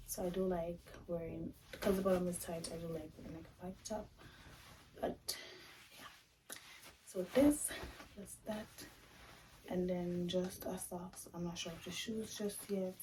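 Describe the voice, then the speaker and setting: Raspy-voiced woman vlogger, just woken up. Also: fairly low pitch. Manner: chatty, rambling with fillers. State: just woke up, groggy. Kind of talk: casual vlog chat. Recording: distant mic with noisy background.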